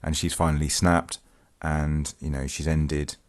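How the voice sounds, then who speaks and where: Very deep-voiced man musing hesitantly. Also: little pitch movement, unhurried. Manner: hesitant, many ums and restarts; reads news excerpts aloud. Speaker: vlogger, channel host. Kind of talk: casual true-crime commentary.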